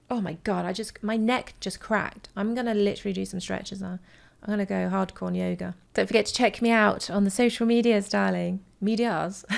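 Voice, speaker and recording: A woman's voice: medium pitch, gravelly. A woman vocal coach talking casually to her viewers about a song, chatty and rambling, with lots of fillers and affectionate asides. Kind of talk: casual reaction vlog.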